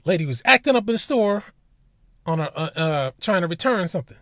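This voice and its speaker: A man's voice: high voice, lively intonation, a little fast, a bit bright, no echo. A man ranting bluntly and profanely in a casual vlog monologue, recorded in a car. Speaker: vlogger.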